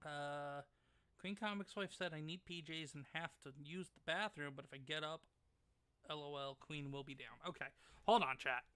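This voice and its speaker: A man's voice: fairly high pitch, normal speed, bright, forceful tone, clear, resonant tone, no room sound. A man hosting a live game stream from home, reading chat messages aloud and teasing his wife. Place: home, at the gaming setup. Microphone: desk mic left live.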